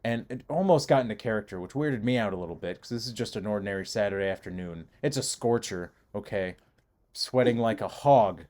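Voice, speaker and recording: A man's voice: fairly low pitch, a little fast. A man co-hosting a podcast, telling a long rambling story in casual chat and acting out the people in it. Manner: rambling storyteller, animated impressions. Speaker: podcast co-host.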